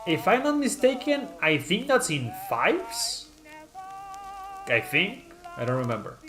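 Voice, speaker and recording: A man's voice: sits high, very animated, takes it slowly. A man chatting casually on a live stream, reading viewer comments aloud and rambling with many fillers and restarts. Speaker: streamer presenting his channel mascot.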